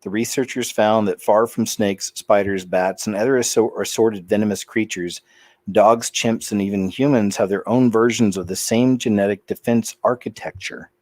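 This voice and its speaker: A man's voice: on the low side, fairly even intonation, normal speed, a little mellow, dry recording. A man hosting his own channel, reading news items aloud and making casual, muttered asides. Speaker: channel host.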